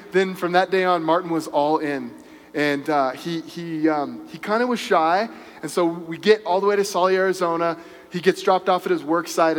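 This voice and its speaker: A man's voice: fairly high pitch, in a large hall. A man preaching a sermon, telling a story earnestly with frequent restarts and fillers. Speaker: pastor.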